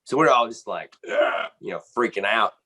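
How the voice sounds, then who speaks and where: A man, a band's drummer, telling a backstage story in an animated, casual way, full of "man" and "you know.". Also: lowish voice, brisk, husky. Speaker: band drummer interviewed.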